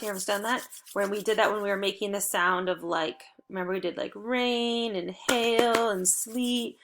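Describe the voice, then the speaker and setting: A woman's voice: medium pitch, a bit bright, slight background noise. A woman teacher leading a phonics lesson for young children, calling out sounds and blends and praising them. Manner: slow, encouraging, prompting sounds and blends.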